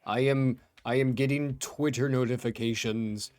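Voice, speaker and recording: A young man from Ohio hosting a gameplay video, rambling casually with excitable bursts. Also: mid-range voice, normal speed, smooth, no echo. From Ohio, USA. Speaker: let's play host.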